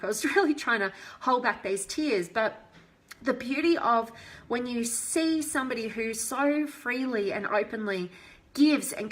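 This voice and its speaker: A woman hosting a live stream as a motivational coach, warmly answering viewer comments in a heartfelt, enthusiastic way. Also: a little high.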